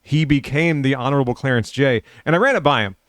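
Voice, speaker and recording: A man with a smooth, resonant voice, chatting casually on a podcast. He tells a rambling, jokey story into a close, dry mic. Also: medium pitch, fast, a bit bright, no room sound. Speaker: podcast co-host. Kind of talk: casual chat.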